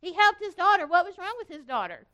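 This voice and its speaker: A woman with a very high, bright voice leads a children's group with songs and a short Bible lesson. She calls out loud and cheery and keeps the kids answering back. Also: sing-song, fast talker, dull audio. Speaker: children's program leader.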